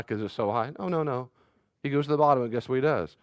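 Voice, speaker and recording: A man's voice: mid-range voice, lively intonation, a little fast, no echo, studio quality. A middle-aged man, a pastor, giving a teaching talk on parenting and acting out the voices of a child and a parent as he tells stories.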